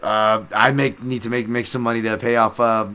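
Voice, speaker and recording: A man hosting his own podcast, talking casually and profanely, rambling with fillers and restarts, and getting loud when excited. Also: medium pitch, moderate pace, smooth. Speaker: podcast host.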